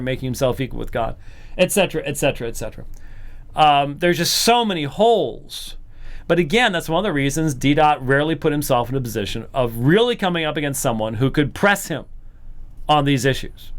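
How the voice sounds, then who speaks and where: A man hosts a commentary program with a smooth, resonant voice pitched a little high. He talks casually and animatedly, slipping into mimicking voices in the middle of his sentences. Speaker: host of apologetics program.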